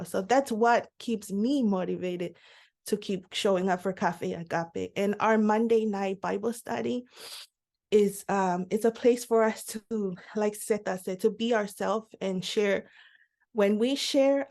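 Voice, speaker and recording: A woman speaking in a heartfelt, emotional way about her church community. Her voice sits at an ordinary middle pitch for a woman, and she sounds sincere and open. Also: gravelly. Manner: heartfelt and emotional, with a quiet laugh at times. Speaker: worship team member. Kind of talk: testimony in a church interview.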